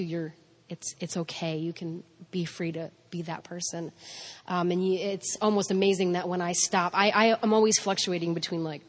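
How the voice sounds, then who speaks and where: Woman, 30s, lowish voice, casual faith and parenting talk, self-deprecating, rambling. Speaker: mother and speaker on parenting.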